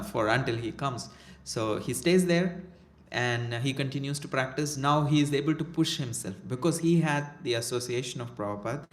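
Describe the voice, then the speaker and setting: Man telling a spiritual story, echoey room. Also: medium pitch. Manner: retells a story with quoted dialogue and frequent "uh" and "like". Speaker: guest speaker at a devotional center.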